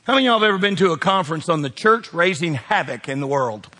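A preacher in his fifties delivers a folksy, emphatic sermon in a husky, high voice. He swings from hushed asides to ringing declarations. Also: expressive, fast. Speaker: pastor.

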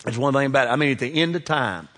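A middle-aged man, preaching a sermon that swings between loud exhortation and hushed asides. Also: medium pitch, animated, rapid-fire, in a large hall. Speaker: pastor.

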